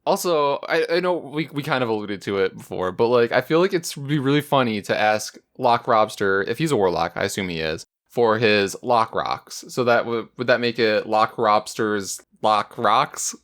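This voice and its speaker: A man's voice: mid-range voice, expressive, moderate pace, hardly any pauses, a bit bright. A man co-hosting a casual gaming podcast, telling stories and reading listener mail in an easygoing way. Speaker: podcast co-host. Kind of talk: casual chat.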